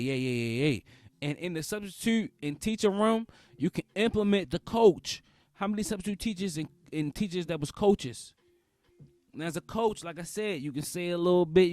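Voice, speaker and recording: A man, talking as a podcast host in a comedic, casual monologue, repeating phrases and breaking into loud outbursts. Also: a little high, no echo.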